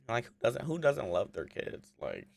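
A man's voice: medium pitch, gravelly. A young man hosting a casual reaction video, chatting animatedly about what he watches. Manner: animated, chatty, breaks into laughs.

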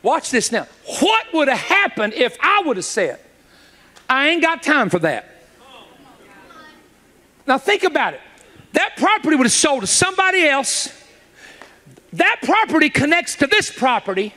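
Man, middle-aged, preaching, bright tense tone, acts out dialogue. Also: extremely high pitch, big pitch swings, moderate pace, pauses often, some chatter behind. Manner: storytelling preacher, acts out dialogue, builds to shouts. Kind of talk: sermon.

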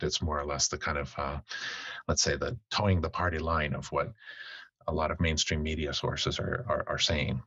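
A man's voice: a bass voice, fairly bright tone, slightly rough, no echo. A man from Canada, his English carrying a slight Finnish tinge, talks reflectively as a podcast guest and often restarts phrases while searching for words. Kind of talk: casual interview talk. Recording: dull lo-fi dry sound.

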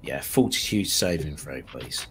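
A man narrating as game master, halting often with ums and small self-corrections, and sometimes laughing as he describes the scene. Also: very deep voice, lively intonation, heavy background noise.

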